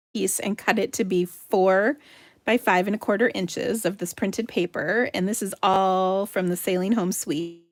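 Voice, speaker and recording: A chatty, giggly American woman hosting a live card-making demo, talking to viewers and murmuring softly while she works. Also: medium pitch, gravelly, no room sound. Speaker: craft livestream host.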